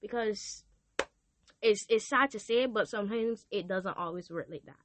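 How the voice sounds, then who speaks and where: A woman's voice: medium pitch, moderate pace, a little hiss or hum. Earnest teenage girl podcaster. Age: teens. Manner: earnest, confessional, animated quoting. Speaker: podcast host. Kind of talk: casual faith talk.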